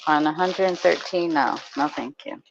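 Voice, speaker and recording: A woman joining a casual chat as a guest, with a wry, joking manner. Her voice has a gravelly edge. She comes through a dull, lo-fi line with a crowd audible behind her. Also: deep voice, steady tone, moderate pace.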